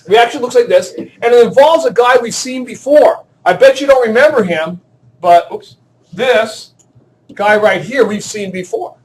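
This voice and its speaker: A male chemistry teacher lecturing a class in a classroom, joking and quizzing students as he works through problems. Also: high-pitched. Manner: joking, self-deprecating, asks the class questions.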